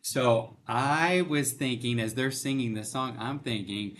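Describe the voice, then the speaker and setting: A man's voice: medium pitch, unhurried, hardly any pauses, background noise. A middle-aged man, a bank CEO, earnestly telling a personal faith story in an interview and acting out the dialogue. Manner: earnest storytelling, emotional, acts out quoted dialogue. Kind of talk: conversational testimony in an interview.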